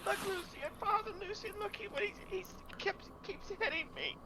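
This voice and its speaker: High, whiny, frightened boy who stammers and sobs. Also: moderate pace, background noise. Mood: pleading. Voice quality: high, cracking and sobbing.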